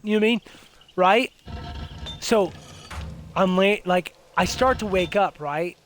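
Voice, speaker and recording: A man's voice: high voice, animated, normal speed, slight background noise. A young man telling a ghost story in casual chat, rambling with many restarts and fillers. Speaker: host.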